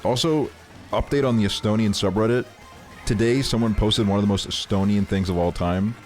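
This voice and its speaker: A young man with a deep, low voice chats casually on a live stream, joking and swearing as he rants. Faint music plays quietly behind him. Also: fairly quick. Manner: profane, exasperated, joking. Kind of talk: casual chat.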